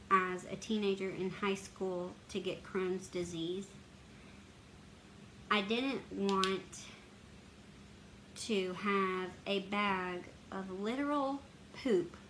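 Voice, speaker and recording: A woman's voice: mid-range voice, bright, forceful tone, a little hiss or hum, rough recording. A woman, a health advocacy vlogger telling a personal story in an earnest, emotional, open way.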